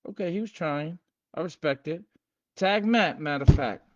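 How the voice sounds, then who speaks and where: A man hosting a casual livestream, hyped and streetwise, repeating himself and shouting out viewers by name. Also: fairly high pitch, moderate pace, highs cut off. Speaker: livestream host teaching game rules.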